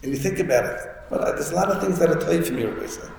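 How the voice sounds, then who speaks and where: Man teaching a Torah class, gravelly voice, very roomy hall, faint hum behind. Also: a little high, racing, a little mellow. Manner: storytelling, with many restarts and Hebrew and Yiddish terms. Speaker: rabbi giving a Torah talk. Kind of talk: Yiddish-inflected Torah lecture. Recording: echoey hall with faint room noise.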